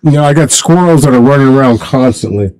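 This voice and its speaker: A man hosting a casual solo livestream from home, rambling and halting, talking in a sentimental way. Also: medium pitch, expressive, a little mellow, poor audio. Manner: rambling, halting, many restarts; emotional, sentimental. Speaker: livestream host.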